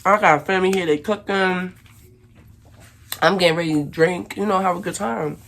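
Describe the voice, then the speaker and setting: Animated woman from Brooklyn telling a story. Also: on the low side, moderate pace, vocal fry, slight background noise. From Brooklyn, New York. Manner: animated, acts out shouted quotes. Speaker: vlogger. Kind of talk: casual storytime.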